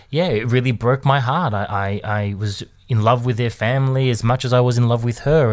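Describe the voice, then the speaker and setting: A man, talking candidly in a personal monologue, hesitant, often restarting and repeating words, with soft laughs. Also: mid-range voice. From Australia. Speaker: vlogger.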